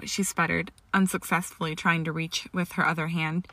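A woman narrates a story in a steady, measured voice. Her tone is bright and slightly gravelly, sitting a little low for a woman, and the sound is dry and close. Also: dry recording. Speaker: fan fiction reader.

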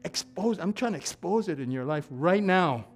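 Pastor mid-sermon, big swings from shouting to soft joking asides. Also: male voice, high-pitched, expressive, moderate pace. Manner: swings from quiet asides to shouted preaching, laughing. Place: church.

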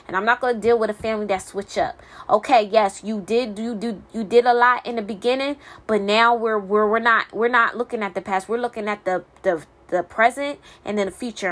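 A woman's voice: mid-range voice, a bit bright. A single mother venting in a blunt, profane monologue, stumbling and repeating words when heated.

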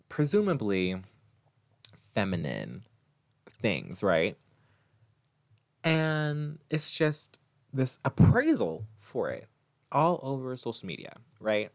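A man hosts a solo podcast in a deep voice at a slow, easy pace. He talks casually and familiarly, laughing as he goes and calling his listener "girl." The sound is dry and close. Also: no room sound. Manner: chatty, addresses listener as "girl", laughs often. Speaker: podcast host.

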